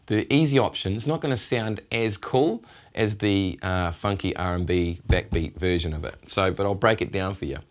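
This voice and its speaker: A man's voice: deep voice, moderate pace. A middle-aged man giving a casual guitar lesson, patiently explaining and counting out strum rhythms. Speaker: guitar teacher. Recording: loud guitar behind voice. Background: acoustic guitar playing.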